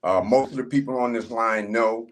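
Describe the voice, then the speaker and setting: A man speaking earnestly as a guest on a video call, often pausing on fillers. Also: medium pitch. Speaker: doctor guest. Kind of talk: casual call remarks.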